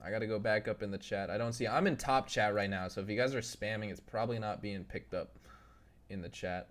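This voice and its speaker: A man's voice: lowish voice, brisk. A young man streaming live, chatting casually with his viewers, reading their messages aloud and laughing often. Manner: loose, laughing, reads chat aloud and tries impressions.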